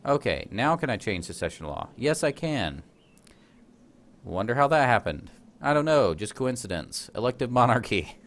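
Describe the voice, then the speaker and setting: A man's voice: mid-range voice, big pitch swings, normal speed. A man giving casual, chatty commentary while playing a strategy game, often joking at his own expense. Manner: chatty, self-deprecating, laughs at himself. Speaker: let's play host.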